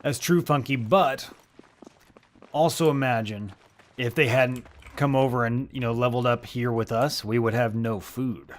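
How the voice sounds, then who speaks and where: An easygoing man chatting with fellow players during a live game stream, often breaking into laughter. His talk is loose and rambling, in a plain middle-pitched voice. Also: unhurried. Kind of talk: casual chat among players.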